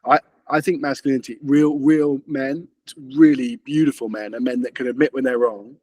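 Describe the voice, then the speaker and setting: A man's voice: mid-range voice, fairly even intonation, mellow, no room sound. A man speaking as an interview guest, earnest and full of restarts. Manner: earnest, rapid, frequent restarts. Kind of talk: conversational interview.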